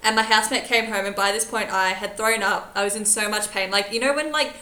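A woman's voice: medium pitch, fast talker, echoey room, poor audio. A young woman, a teacher and podcast co-host, chatting casually and acting out the people in her stories. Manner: animated storyteller, acts out quoted voices. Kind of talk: casual chat.

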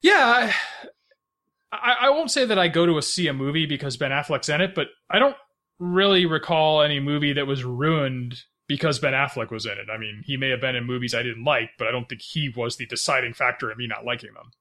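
A man's voice: mid-range voice, a little fast, sharp tone. A man co-hosting a podcast, chatting casually about films, rambling with lots of fillers and restarts and laughing often. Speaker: podcast co-host. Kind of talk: casual movie chat.

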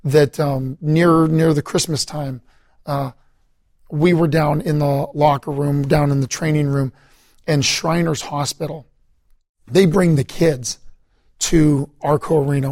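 A man's voice: fairly high pitch, steady tone, unhurried, darkish tone, dry recording. A middle-aged man, a guest in an interview, telling his story in a rambling way with many fillers and restarts. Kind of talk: conversational testimony interview.

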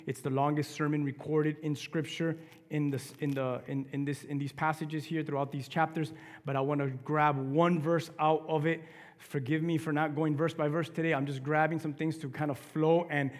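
A male pastor preaching a sermon in a church, dropping to a hush and then rising to loud emphasis. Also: fairly high pitch, big-room sound. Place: church sanctuary.

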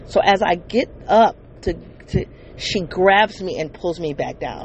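Podcast host, gravelly fry in the voice, halting confessional storytelling full of restarts. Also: medium pitch, slight background noise, rough recording. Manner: halting, with frequent restarts and self-corrections; earnest, addresses listeners directly. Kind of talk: emotional personal storytelling.

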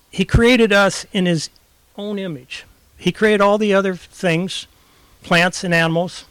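A man with a somewhat high voice delivers a sermon in a folksy storytelling manner. The sound is dry and close, with no reverb around him. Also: a bit bright. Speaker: guest preacher. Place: outdoors in a backyard.

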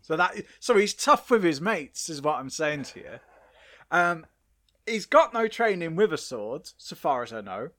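Man, podcast host, slightly high voice, playful, stammery restarts. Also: very animated, a little slow, fairly bright tone. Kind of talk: casual chat.

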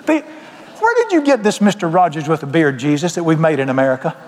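Southern preacher guy telling a story, folksy and punchy, pretty high pitched, lots of hall echo. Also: very animated, fast, a little hiss or hum. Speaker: pastor. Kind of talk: sermon. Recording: long reverb of a large hall.

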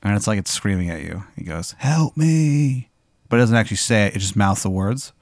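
A man's voice: deep voice, fast, dry recording, studio quality. A man hosting a podcast, casually narrating a spooky hypothetical with many fillers. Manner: rambling, filler-heavy narration. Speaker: podcast host posing a hypothetical. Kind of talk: casual improvised storytelling.

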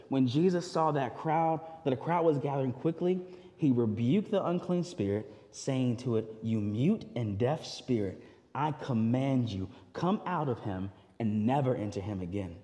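A man preaching a sermon in a casual, conversational way with everyday slang, his delivery swinging between loud emphasis and quiet, low moments. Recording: long hall reverb.

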